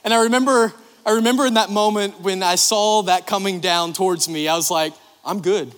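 A man's voice: high voice, a little fast, fairly bright tone. A man in his thirties preaching a sermon, telling personal stories in a chatty way and often asking "right?". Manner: chatty storytelling with frequent "right?" and "like". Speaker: pastor. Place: church sanctuary. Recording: long hall reverb.

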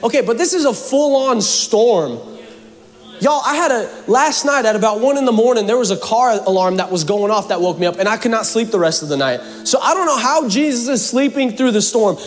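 A man's voice: sits high, big-room sound. A pastor from Seattle preaching a sermon to his congregation in church, mixing scripture with jokes and playful asides. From Seattle, USA.

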